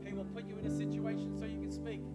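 An older man preaching a sermon, moving from prayer into a personal testimony told in a fervent, conversational way that swells to loud bursts. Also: high-pitched, monotone, fast, loud music behind the voice. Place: church.

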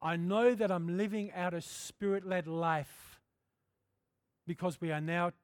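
A middle-aged man preaching a sermon in a candid, conversational way, often clearing his throat. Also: sits high, fairly even intonation, a little slow, no echo, clean studio sound. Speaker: pastor.

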